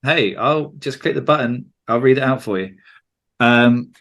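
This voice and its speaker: A man's voice: mid-range voice, measured pace, a bit bright. A man with a southern English accent hosting a podcast, chatting casually and joking. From England. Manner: chatty, jokey, slips into mock regional accents. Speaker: podcast host.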